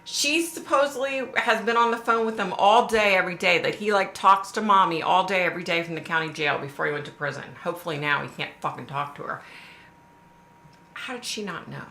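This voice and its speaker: A woman's voice: on the low side, brisk, bright, forceful tone. Blunt, swearing woman live-streaming. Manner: blunt, swears freely, repeats questions for emphasis. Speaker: livestream host. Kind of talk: casual live chat reading viewer comments. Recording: echoey room with faint background noise.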